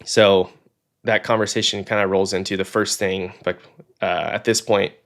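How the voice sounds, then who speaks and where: A man's voice: sits low, moderate pace. A young man from Oklahoma, a fighter pilot guest on a podcast, telling a story in a casual way. He acts out the people he quotes and fills his talk with "like" and "um.". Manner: animated storyteller, acts out quoted dialogue, frequent "like" and "um".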